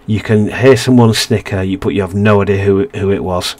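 A man with a somewhat low voice reads a narrative game aloud for his let's play. He stumbles over words and restarts phrases, with casual asides. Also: fairly even intonation, a little fast, darkish tone.

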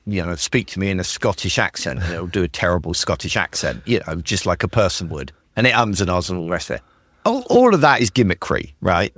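A man's voice: deep voice, dry recording, clean studio sound. A British man hosting a podcast, chatting with enthusiasm and acting out the prompts he types to his tools. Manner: enthusiastic, animated, acts out his own typed prompts. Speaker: podcast host. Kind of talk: casual chat.

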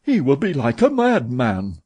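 A man voicing an anxious young manservant who frets in a high, muttering way. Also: wildly swooping pitch, a little slow, darkish tone, husky, exaggerated voice. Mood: fretful.

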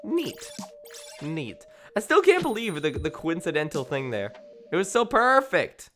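Man, live game commentary, tired but excitable, very lively pitch, bright tone. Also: a little slow, soft background music. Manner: excitable, rambling, bursts into shouting. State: tired late at night. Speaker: streamer.

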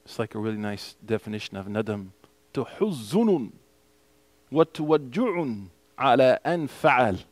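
A man's voice: mid-range voice, expressive, brisk, dry recording. A man teaching a mosque class as imam. He explains a hadith text in English and recites the Arabic passages.

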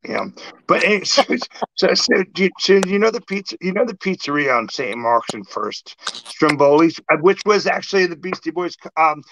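A middle-aged man hosting a casual chat, an animated storyteller who acts out exchanges. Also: high voice, moderate pace, background noise. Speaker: podcast host. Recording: dull lo-fi sound.

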